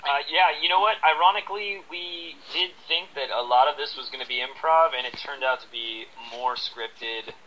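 Brief: male guest actor, bright, forward voice, casual. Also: on the high side, moderate pace, hardly any pauses, rough recording. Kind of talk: casual interview.

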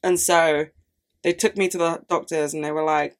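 Lower-voiced young woman ranting. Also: steady tone, normal speed. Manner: chatty, swears a lot, rants with dramatic outbursts. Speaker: podcast host. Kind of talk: casual solo podcast chat.

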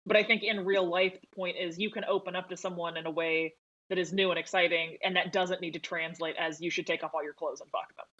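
A woman co-hosting a podcast in casual film talk, chatty and quick to laugh, swearing freely. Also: on the low side, steady tone, fairly bright tone, highs cut off. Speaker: podcast co-host.

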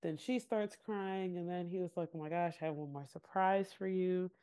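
Low-voiced woman recapping with laughs. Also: moderate pace, smooth. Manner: animated storytelling, acting out quotes with laughter. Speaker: podcast co-host. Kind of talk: casual recap chat.

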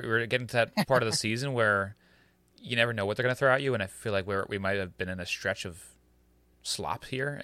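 A man's voice: mid-range voice, bright, forceful tone, no echo. A man co-hosting a podcast, chatting in a jokey, offhand way with hesitant fillers. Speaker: podcast co-host. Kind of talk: casual recap chat.

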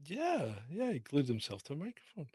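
A man's voice: fairly high pitch, wildly swooping pitch, brisk, dark tone, husky, no room sound, studio quality. A man co-hosting a podcast, agreeing often and telling a story with laughter in casual chat. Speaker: podcast co-host.

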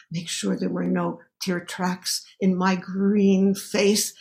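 A woman storyteller telling a story at a live event, lively and acting out the voices of the people she quotes. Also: mid-range voice.

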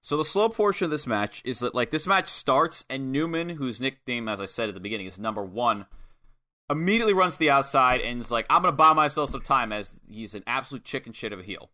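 Bright-voiced man recapping a match. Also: mid-range voice, animated, fairly quick. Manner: swears freely, recaps match play by play. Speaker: podcast co-host. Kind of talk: casual wrestling review chat.

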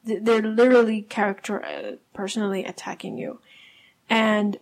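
A woman's voice: mid-range voice, moderate pace, creaky. A young adult woman hosting a casual solo podcast, explaining in a conversational way with frequent fillers and self-corrections. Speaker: podcast host.

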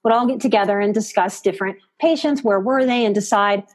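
Heard in podcast audio, this female psychotherapist and life coach chats as a guest in an interview-style conversation. She speaks fairly quickly in a mid-range voice, with expressive, emphatic delivery and repeated words for emphasis.

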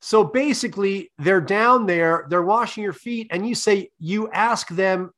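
A man hosting a comedy podcast, asking leading questions in a deadpan, profane way. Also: high-pitched, measured pace. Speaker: podcast host. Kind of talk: comic interview.

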